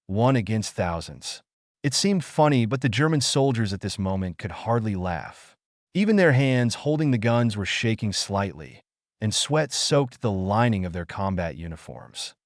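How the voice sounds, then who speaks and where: A man giving steady scripted narration as the reader of an audiobook. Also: on the low side, no room sound, clean studio sound.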